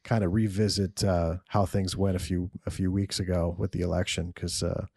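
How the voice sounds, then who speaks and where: A man's voice: low-pitched, level tone, normal speed, vocal fry, mellow, slightly rough, dry recording, studio quality. A man hosting a casual podcast, talking loosely, swearing and laughing often. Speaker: podcast host.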